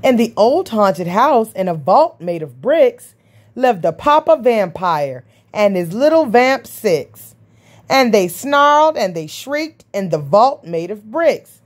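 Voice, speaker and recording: A woman's voice: very animated, slow pace. A woman reading a rhyming picture book aloud in a sing-song rhythm. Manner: sing-song rhythm, jumping high for the creature calls. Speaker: storybook reader.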